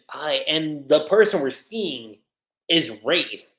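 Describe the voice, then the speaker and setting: A man's voice: a little high, lively intonation, slow, fairly bright tone. A man hosting a livestream and casually recapping an anime episode in a chatty way, using lots of fillers. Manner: chatty, many fillers, quotes characters. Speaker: anime reviewer, livestream host. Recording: roomy echoey room.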